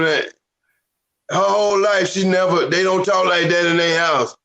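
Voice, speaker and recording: A man co-hosting a casual podcast chat, telling stories in an animated, lecturing way. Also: high-pitched, moderate pace, rough recording. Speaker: podcast co-host.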